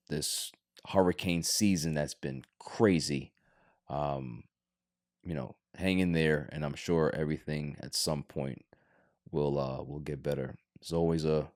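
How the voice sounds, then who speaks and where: Rambling New sports podcast host. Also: male voice, rumbling low, darkish tone. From Queens, New York. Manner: rambling, with frequent restarts and fillers. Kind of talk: casual sports talk.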